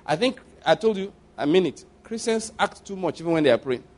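A man preaching a conversational sermon, repeating phrases for emphasis and swinging between quiet and loud passages. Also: sits high, animated, brisk.

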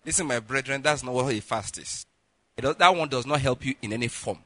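A middle-aged man, a pastor preaching a sermon with lively acted-out stories, often saying "listen" and "all right". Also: mid-range voice, fairly quick, no echo. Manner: lively, repeats "listen" and "all right", laughs at own jokes.

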